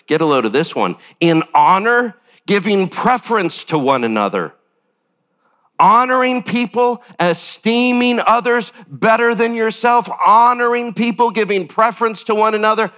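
An older man preaching a sermon as pastor, animated, with sudden jumps up in pitch and acted-out quotes. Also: normal speed.

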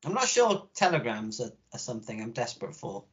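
A man's voice: mid-range voice, very animated, fairly quick, a bit bright, slightly rough. A man in a casual podcast chat, chipping in with brief, dry remarks. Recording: dull lo-fi recording.

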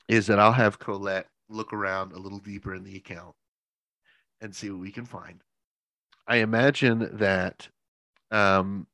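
A man who works in church leadership, chatting casually and telling animated stories, swearing freely and laughing often. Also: on the low side, no echo. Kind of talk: casual chat, storytelling.

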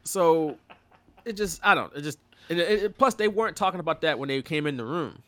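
A man's voice: on the high side, expressive, fairly quick, fairly bright tone, no echo. A man co-hosting a podcast, telling a story in casual chat and laughing often. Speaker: podcast co-host.

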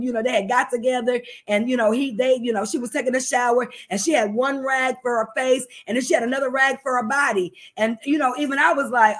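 A middle-aged woman preaching a sermon, chatty and lively, laughing often and swinging from loud to hushed. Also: high voice. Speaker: minister.

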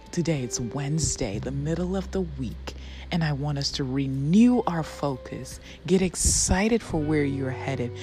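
A woman with a low voice speaks slowly in a soothing, encouraging way and often sinks to a soft whisper. She gives an inspirational devotional talk with guitar music playing clearly behind her. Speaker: motivational Christian speaker.

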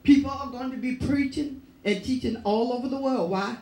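A woman's voice: high voice, normal speed, warm tone. Echoey woman preaching from a distance. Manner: emphatic, repetitive preaching cadence. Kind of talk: sermon. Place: church. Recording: echoey room, voice from far off.

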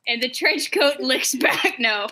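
Woman tabletop player, bright and high, excitable, swears and laughs a lot. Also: a little slow. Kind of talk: tabletop role-play chat.

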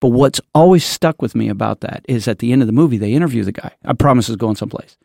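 A man's voice: medium pitch, fast, vocal fry, darkish tone, no room sound, studio quality. A man hosting a casual church podcast, rambling through a story with many restarts and asides. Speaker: podcast host.

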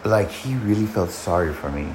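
Casting: a slightly low-voiced man rambling through a personal story, full of restarts and swearing, in an echoey room. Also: animated, moderate pace, noisy background. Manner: rambling, frequent restarts and profanity.

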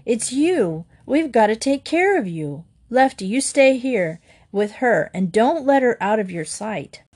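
A woman's voice: fairly high pitch, very animated, unhurried, a little mellow. Woman reading as a protective cowboy foreman, firm, commanding, storybook read-aloud. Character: gruff protective grown male cowboy foreman.

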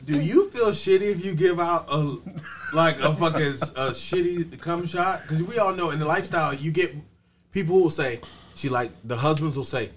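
A man's voice: on the high side, brisk, a little hiss or hum. A man joining a casual podcast among friends, talking crudely and laughing as he asks questions. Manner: loud, crude, animated, laughing. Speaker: podcast guest. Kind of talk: casual chat.

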